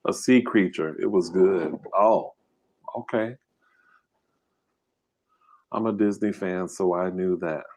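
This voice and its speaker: A man's voice: low-pitched, slow, pauses often, a little mellow. A man hosting a live-stream trivia game, reading questions aloud and bantering casually with his chat. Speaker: mukbang host running a live trivia game.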